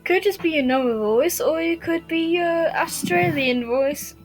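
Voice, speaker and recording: Young woman podcast host, giggly, high voice with faint music behind. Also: measured pace, low-quality recording. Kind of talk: casual chat, giggly.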